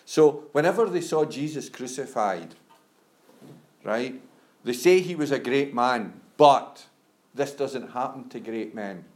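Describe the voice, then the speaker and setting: A man's voice: mid-range voice, lively intonation, takes it slowly, a little mellow. A male preacher giving a conversational sermon, often saying "you know" and stammering on restarts.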